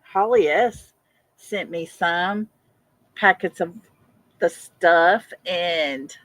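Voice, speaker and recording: A woman's voice: lowish voice, extremely slow, a bit bright, dry recording. An older woman hosting a casual livestream, chatting, answering viewer comments and laughing often. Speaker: livestream host.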